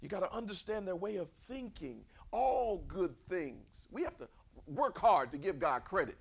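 Animated man preaching a lively sermon. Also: a little high, measured pace, gravelly, husky. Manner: animated, asks the congregation questions.

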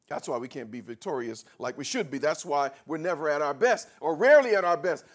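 A man preaching a sermon to a congregation, leading call and response and building from quiet talk to shouted scripture. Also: fairly high pitch, big pitch swings, brisk, few pauses. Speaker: pastor. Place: church before a congregation.

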